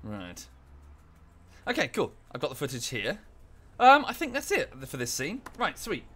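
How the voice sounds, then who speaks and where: Bright-toned chatty male streamer. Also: on the high side, wildly swooping pitch, unhurried. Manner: rambling, many fillers and restarts, thanks chat viewers. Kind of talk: casual live-stream chat.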